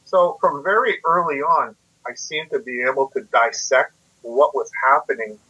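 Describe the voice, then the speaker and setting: Husky bright-voiced Canadian man reflecting. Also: mid-range voice, normal speed. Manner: reflective, self-deprecating, explains step by step. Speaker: guest. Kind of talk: casual storytelling interview. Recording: muffled lo-fi audio.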